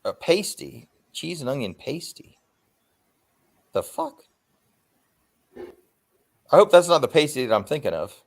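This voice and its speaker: A man's voice: a little high, expressive, gravelly. Rambling, swearing man chatting on a livestream. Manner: rambling, swears freely, frequent filler pauses. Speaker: livestream host. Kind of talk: casual livestream chat.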